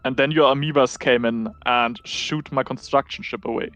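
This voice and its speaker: A man's voice: medium pitch, fairly even intonation, moderate pace, fairly bright tone, no echo, faint music behind. Dry-voiced man organizing a game call. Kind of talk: casual group chat over voice call.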